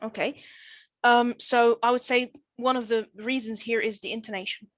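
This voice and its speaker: A woman's voice: on the high side, fairly even intonation, moderate pace, no echo, poor audio. Woman teacher explaining drills, dry sound. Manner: explanatory, repeats phrases while modelling drills. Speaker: teacher trainer. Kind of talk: online teacher training session.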